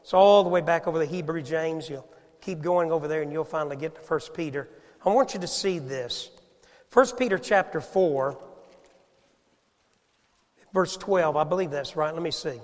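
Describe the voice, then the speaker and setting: A man preaches a sermon in a church, his voice high for a man and ringing with a long hall reverb. He asks the congregation question after question and moves between loud emphasis and quiet, hushed asides. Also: normal speed, long pauses. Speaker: pastor. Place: church sanctuary.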